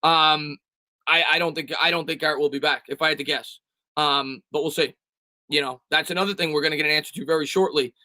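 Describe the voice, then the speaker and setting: A man's voice: on the high side, fairly even intonation, bright, forceful tone, dry recording. A man hosting a sports live stream, reading viewer comments and answering in a casual, stammering way with frequent restarts. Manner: fast, repetitive, stammering restarts. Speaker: sports channel host.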